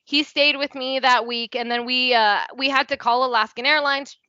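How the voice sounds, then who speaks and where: Young woman with a bright, animated voice. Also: sits high, normal speed, no echo. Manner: chatty and candid, peppers speech with "like" and swearing, acts out quoted dialogue. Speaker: podcast guest. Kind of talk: casual storytelling in a podcast interview. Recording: dry, slightly dull podcast audio.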